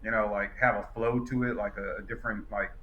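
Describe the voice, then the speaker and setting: A man who runs firearms training, a guest chatting casually on a podcast, relaxed and a little shy, trailing off into fillers. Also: fairly low pitch, fairly quick, dull audio, a little hiss or hum. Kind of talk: casual chat.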